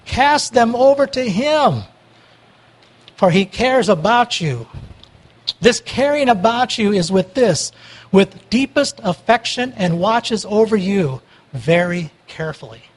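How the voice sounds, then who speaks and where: A man preaching a sermon, emphatic and swinging between loud urging and quiet pleading prayer. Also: high-pitched, animated, slow pace, husky, poor audio.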